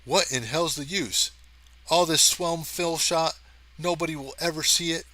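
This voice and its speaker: A man voicing an excitable young male space cameraman for a storybook reading, speaking in an urgent, raised voice. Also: on the high side, a little slow, voice pushed up. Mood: rattled.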